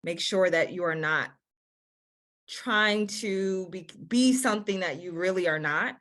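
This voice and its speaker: A woman's voice: lowish voice, unhurried, a bit bright. A woman admissions counselor giving earnest, encouraging advice on a video-call webinar, often repeating words and using fillers.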